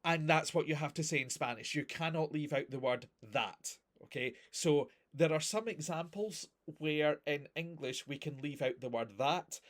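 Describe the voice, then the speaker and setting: A man's voice: fairly high pitch, normal speed, few pauses. A man teaching a recorded grammar lesson, explaining patiently with examples and checking understanding often. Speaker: language teacher.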